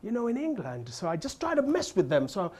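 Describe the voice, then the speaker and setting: Animated Ugandan comedian, lively pitch. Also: male voice, fast talker. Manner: animated, frequent voice switching and laughter. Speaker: stand-up comedian. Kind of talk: stand-up comedy storytelling.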